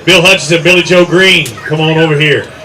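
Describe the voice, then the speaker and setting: A man in his 60s emcees an outdoor fishing tournament weigh-in, calling out anglers' names and weights and teasing them as he goes. His voice is slightly high and a bit fast, with a bright, forceful tone. The recording is low quality, with crowd chatter in the background.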